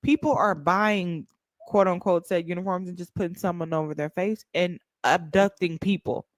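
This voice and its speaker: A woman hosting a casual chat, animated and emphatic, swearing freely. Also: on the low side, normal speed, no room sound, clean studio sound. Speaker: host.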